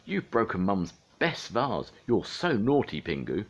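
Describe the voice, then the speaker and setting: An older man reading a storybook aloud, voicing a bossy little girl penguin in a shrill, high voice. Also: big pitch swings, a little slow, heavily acted. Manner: shrill, telling-tale child voice.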